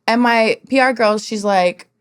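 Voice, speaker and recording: A woman guest on an interview podcast, telling candid stories in an animated way and swearing freely. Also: a little high, measured pace, clean tone. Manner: animated, swears freely, acts out what others said.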